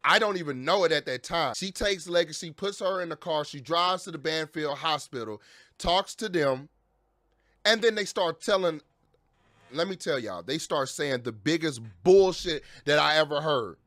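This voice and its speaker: Angry vlogger dad, high voice, dry close sound, profane rant full of restarts. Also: male voice, lively intonation, moderate pace, a bit bright, no echo. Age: adult with children. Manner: heated, profane, repeats and restarts phrases.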